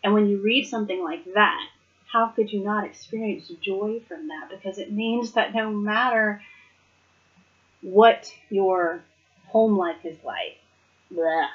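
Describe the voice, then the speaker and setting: A woman's voice: medium pitch, slow. A woman speaks in an earnest, reflective way, giving a casual devotional talk in a mid-range voice. The recording sounds a little dull and lo-fi. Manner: earnest, reflective, laughs between points. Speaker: Bible study speaker.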